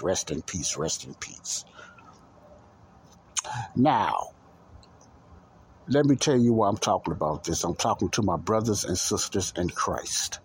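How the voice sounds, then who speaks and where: A man with a lowish voice hosts an informal Christian talk show. He speaks earnestly and repeats himself as he appeals straight to listeners. A faint hiss sits under the recording. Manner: earnest, repetitive, addresses listeners directly. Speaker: podcast host.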